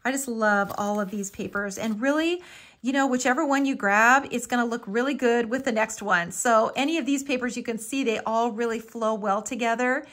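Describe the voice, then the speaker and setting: A woman's voice: on the high side, moderate pace, a bit bright. A middle-aged woman hosting a live papercraft tutorial, chatty and homey, with frequent ums and lots of "little" and "so cute". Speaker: craft tutorial host.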